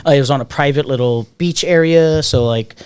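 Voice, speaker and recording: A man's voice: a little high, fairly quick, a little mellow, clean tone. A man co-hosting a podcast, telling a party story in casual, rambling chat and swearing freely. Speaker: podcast co-host.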